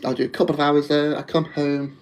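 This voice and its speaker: A man's voice: fairly high pitch, flat delivery, fairly quick, darkish tone, low-quality recording. A man with a Wolverhampton accent chatting casually on a live stream, rambling and laughing often.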